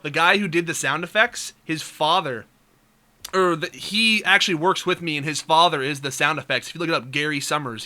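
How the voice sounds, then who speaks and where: A young man vlogger telling a crude comic story, animated and fond of mimicking voices. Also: medium pitch. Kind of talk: comedic storytelling vlog.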